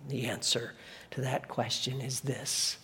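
A male pastor preaching a sermon, swinging from booming emphasis to hushed near-whispers and driving points home with repeated phrases. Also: little pitch movement, measured pace, breathy edge. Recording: long reverb of a large hall.

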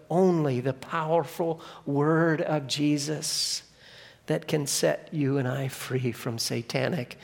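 A male pastor preaching a sermon, swinging from booming emphasis to hushed near-whispers and driving points home with repeated phrases. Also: creaky. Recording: long reverb of a large hall.

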